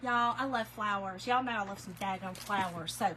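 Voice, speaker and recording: A woman's voice: medium pitch, normal speed, sharp tone, a little hiss or hum, rough recording. A chatty, effusive woman, hosting a casual live sale stream and thanking viewers by name. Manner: gets emotional and laughs easily. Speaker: host of a live craft-supply sale. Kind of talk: casual livestream chat.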